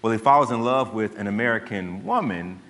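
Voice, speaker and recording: A man's voice: on the low side, lively intonation, moderate pace, fairly bright tone. A man preaching a sermon, telling stories in a loose, conversational way with frequent restarts. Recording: long hall reverb.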